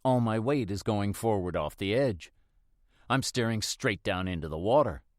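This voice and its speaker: A man narrating a first-person mystery audiobook in a steady, reflective manner. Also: fairly low pitch, moderate pace, no room sound, studio quality.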